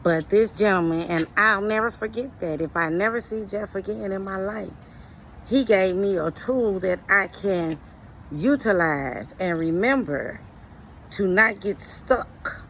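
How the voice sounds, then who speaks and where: Middle-aged woman, slow-talking, earnest and preachy, with a gravelly edge. Faint traffic hums in the background. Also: medium pitch, fairly bright tone, rough recording. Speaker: speaker sharing life lessons. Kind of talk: reflective motivational monologue.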